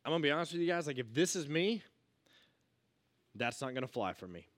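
A man giving a casual youth sermon, energetic and full of rhetorical questions, swinging between loud and hushed. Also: a little high, brisk. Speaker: youth pastor.

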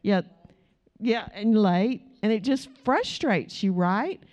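This middle-aged Bible study teacher has a mid-range, expressive, slightly mellow voice and speaks slowly. Leading her church class with personal stories, she's chatty, laughs a lot, and asks the group questions.

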